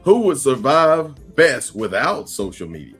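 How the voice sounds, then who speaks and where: A man's voice: medium pitch, unhurried, breathy edge. Laid-back guy hosting a live podcast, keeps laughing, faint music in the back. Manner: laughs often, lively and playful. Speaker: podcast host. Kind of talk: casual livestream chat, reading out viewer comments.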